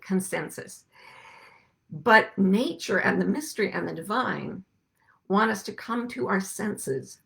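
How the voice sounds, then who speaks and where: A middle-aged woman hosting a reflective spiritual talk, speaking gently and musing, slowing down to stress her points. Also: fairly low pitch, creaky. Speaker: podcast host and life coach.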